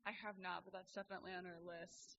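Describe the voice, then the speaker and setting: A woman co-hosting a podcast interview, agreeable and quick with short replies. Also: on the low side, level tone, gravelly, fairly bright tone. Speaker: podcast co-host. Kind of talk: interview chat. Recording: dull lo-fi recording with crowd chatter.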